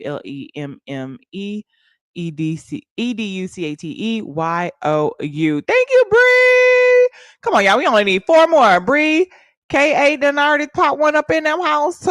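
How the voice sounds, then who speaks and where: A woman hosting a casual livestream, talking to her viewers in a loud, playful, hyped way and swearing freely. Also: mid-range voice, no room sound, clean studio sound. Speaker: livestream host.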